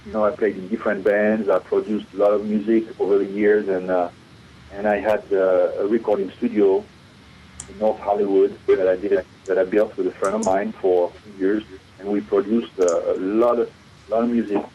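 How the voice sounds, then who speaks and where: A man's voice: fairly low pitch, flat delivery, moderate pace, slight background noise. A middle-aged man from France with a French accent, a guest musician talking in a casual radio interview, hesitant, with many fillers and restarts. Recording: dull lo-fi radio recording.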